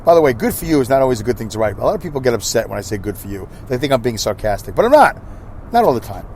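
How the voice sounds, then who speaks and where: A man's voice: medium pitch, sing-song, rapid-fire, a little mellow, slight background noise. A middle-aged American man hosting a casual solo podcast, rambling through his thoughts with asides and restarts. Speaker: podcast host.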